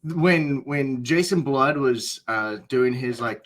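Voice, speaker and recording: A man's voice: mid-range voice, slow pace, fairly bright tone. A man co-hosting a comics podcast, talking casually with many ums and playful asides. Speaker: podcast co-host and voice actor. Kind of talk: casual comic book review chat.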